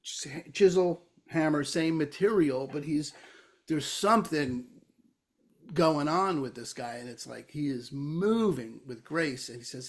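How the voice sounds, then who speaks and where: This podcast co-host's voice sits a little high, and he takes his time as he relates a long parable. The chat is casual, but he delivers it emphatically and sometimes swears.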